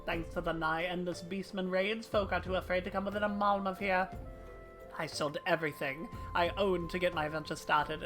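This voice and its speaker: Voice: mid-range voice, bright, forceful tone, close to an everyday voice. Hihibaru, a streamer voicing a wheedling merchant. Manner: theatrical read of game dialogue. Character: struggling small merchant, wheedling and grumbling. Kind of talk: reading game dialogue aloud on stream.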